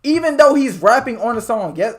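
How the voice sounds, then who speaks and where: A young man presses his point quickly and insistently. He talks in a high voice and keeps building one argument on the next. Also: expressive. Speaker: podcast host. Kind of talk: casual debate.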